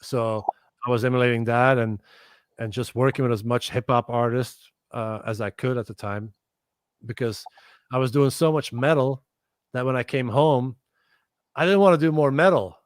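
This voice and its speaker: A middle-aged man, a guest musician, telling stories in casual chat. He is animated, swears freely and acts out other people's lines. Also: medium pitch, moderate pace, clean tone, no echo.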